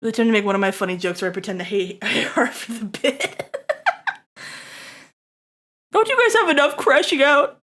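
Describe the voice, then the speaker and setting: A woman's voice: on the high side, expressive, fast talker, fairly bright tone. A young adult woman streaming, chatting casually to her viewers in a rambling way, swearing freely and laughing often. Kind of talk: casual live-stream chat.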